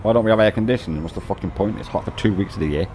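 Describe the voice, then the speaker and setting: A man's voice: on the low side, rapid-fire, a little mellow, a little hiss or hum. A middle-aged British man chatting casually on a game stream, swearing and laughing a lot. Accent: British English. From United Kingdom. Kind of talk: casual live-stream chat.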